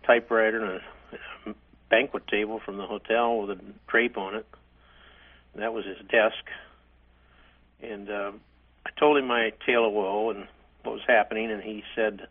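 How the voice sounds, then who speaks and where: An older man, a hotel chairman, telling stories from his career in a halting, rambling way with frequent restarts. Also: fairly low pitch, fairly even intonation, phone-quality sound. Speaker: interview guest, hotel chairman. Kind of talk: reminiscing interview.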